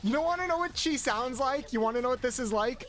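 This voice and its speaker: A man's voice: extremely high pitch, animated, quick pace, fairly bright tone. A man streaming a video game, chatting playfully with his viewers in a loose, rambling way. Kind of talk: casual gameplay commentary. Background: faint game music.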